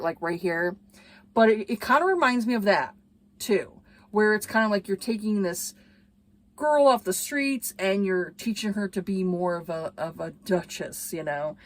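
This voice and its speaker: A woman chatting casually in a book review video, lively and full of fillers, acting out lines from scenes she describes. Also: mid-range voice. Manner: chatty and animated, acts out quoted lines, many fillers.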